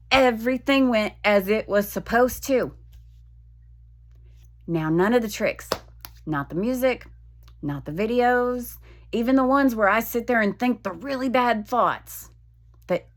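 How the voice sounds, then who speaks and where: Woman, vlogger, slow unhurried delivery, candid and profane confessional venting. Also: a little high. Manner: frank and profane, venting with halting restarts. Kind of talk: personal confessional vlog.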